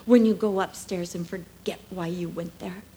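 Woman preaching, expressive and emphatic. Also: on the low side, normal speed, slight background noise. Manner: expressive, acts out dialogue, drops to hushed asides. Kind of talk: sermon.

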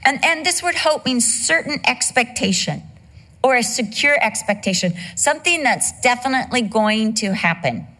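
A woman's voice: a little high, lively intonation, moderate pace, pushed and bright. A middle-aged woman preaching a sermon, teaching from scripture and slipping into humorous personal stories. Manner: conversational, tells humorous personal anecdotes.

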